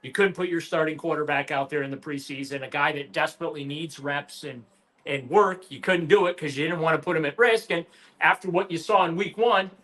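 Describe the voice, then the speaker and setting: A man co-hosting sports radio, his voice sitting a bit high with a bright, ringing tone. He talks animatedly and with emphasis, restarting phrases as he makes his points. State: has the hiccups. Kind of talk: casual sports talk.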